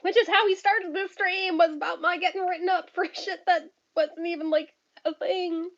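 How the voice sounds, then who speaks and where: Over dull lo-fi stream audio, a woman in her thirties reads viewer comments in a casual chat. Her very high voice has fairly even intonation at a normal speed, and she's blunt, profane, quick to laugh and prone to ranting.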